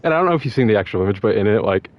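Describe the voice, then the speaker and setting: Rambling low-voiced man on a dull mic. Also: rapid-fire, no room sound. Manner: rambling, excitable, laughs often. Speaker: podcast co-host. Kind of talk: casual gaming chat.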